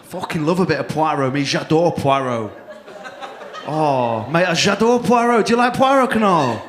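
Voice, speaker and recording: A male compere works the crowd at a comedy club with brash, sweary teasing. His voice sits high and bounces all over the place. The room around him rings with echo from the stage mic. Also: lively intonation, moderate pace, background noise. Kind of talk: crowd work at a stand-up gig.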